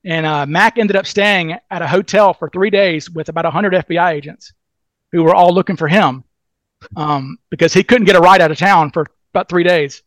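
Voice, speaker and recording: A man with a Southern US drawl tells a story on a podcast, his voice sitting high for a man. He acts out the people in his tale and trips over restarts and fillers as he goes. The sound is dry and close, with no room around it. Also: fairly bright tone, dry recording. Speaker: podcast guest, DB Cooper researcher. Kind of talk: animated storytelling in casual interview.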